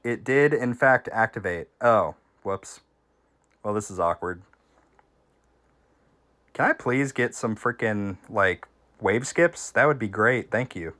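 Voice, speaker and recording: A man streaming a game, giving casual gameplay commentary and chatting with viewers, with sudden excited reactions. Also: lowish voice, slow pace, pauses often.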